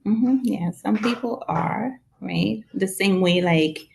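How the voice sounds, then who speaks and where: Taking it slowly, a woman with a gravelly, mid-range voice chats as a guest in casual conversation. She's from New York, has a Haitian-influenced accent, and expressively plays out little quoted exchanges.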